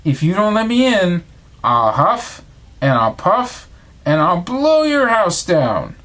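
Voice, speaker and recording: A man's voice: sits high, huge pitch swings, a bit bright, voice pushed up, exaggerated voice. A man doing a pushy big bad wolf. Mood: menacing. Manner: drawn-out, emphatic threats.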